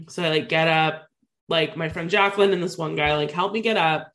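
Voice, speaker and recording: A woman's voice: low voice, fairly quick. A woman in her thirties casually telling a personal story to a co-host, full of "like" fillers. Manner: chatty, lots of "like" fillers, animated retelling.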